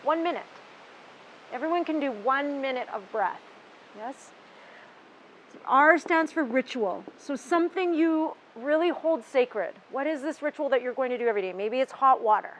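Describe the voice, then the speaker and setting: A woman gives a relaxed talk to a yoga teacher-training group at a retreat. Her voice sits a little on the high side. She talks casually and often restarts her sentences. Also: moderate pace, poor audio. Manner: conversational, with many restarts and asides. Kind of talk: informal workshop talk. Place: retreat workshop room.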